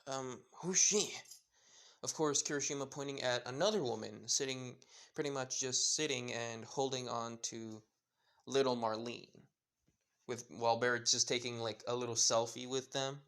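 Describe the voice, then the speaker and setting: A man's voice: mid-range voice, steady tone, normal speed, a bit bright. A man casually narrating a fan story in a rambling way, full of fillers and apologetic asides.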